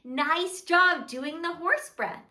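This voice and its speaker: A woman hosting a children's show, telling a gentle story and leading breathing exercises in a soft sing-song manner with playful delight. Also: very high-pitched, slow, reverberant.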